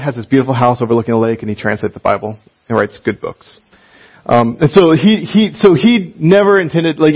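Male teacher, casual and lively classroom delivery, mid pitch, muffled lo-fi audio. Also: breathy edge. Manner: animated, chatty, laughs often, reads passages aloud. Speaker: Bible teacher.

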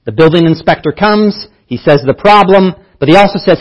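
A man's voice: sits high, a little fast, dull audio. A man preaching a sermon as pastor, teaching earnestly and repeating key phrases for emphasis.

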